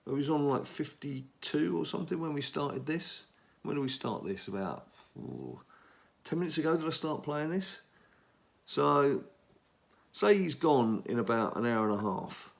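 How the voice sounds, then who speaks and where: A man's voice: fairly high pitch, very animated, normal speed, creaky. English guy rambling over his phone game, talks to himself a lot, chatty gamer host. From England. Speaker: gaming channel host. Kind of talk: casual mobile game commentary.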